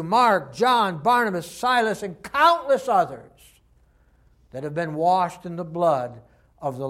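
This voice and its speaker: Guy preaching a fiery sermon, pretty high voice, goes loud then real quiet. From Texas. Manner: impassioned preaching, swinging from loud to hushed.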